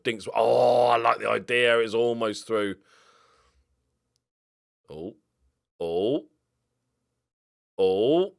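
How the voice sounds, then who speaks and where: Excitable man commentating on a game. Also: on the low side, no room sound, studio quality. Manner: excitable, swings from mumbled asides to loud outbursts. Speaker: gaming YouTuber. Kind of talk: casual gameplay commentary.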